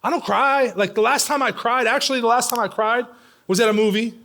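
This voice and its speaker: A middle-aged man preaching a sermon in a church, swinging between loud, pressing lines and hushed, near-whispered ones. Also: extremely high pitch, fast. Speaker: pastor. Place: church sanctuary.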